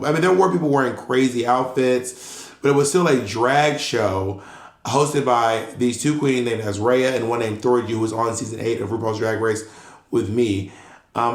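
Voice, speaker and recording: A man co-hosting a podcast in casual chat, an animated storyteller who acts out the people he quotes. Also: medium pitch. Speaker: podcast co-host. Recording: roomy echo.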